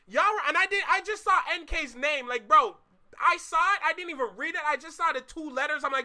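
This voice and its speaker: A young man reacting on a live stream in casual, slangy talk, excitable, jumping from loud outbursts to low muttering. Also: brisk.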